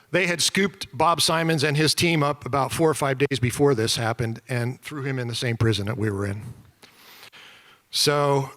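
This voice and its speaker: Man in a large hall, middle-aged, lively storytelling, acts out voices, slightly higher voice, long reverb. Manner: animated storyteller, acts out shouted quotes, self-deprecating asides. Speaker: former POW giving a talk. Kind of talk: storytelling presentation to an audience.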